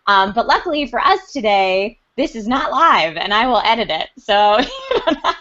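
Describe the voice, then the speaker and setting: A woman's voice: on the high side, sing-song, moderate pace, pushed and bright, muffled recording. A woman hosting a casual chat show, bubbly and upbeat. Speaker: podcast host.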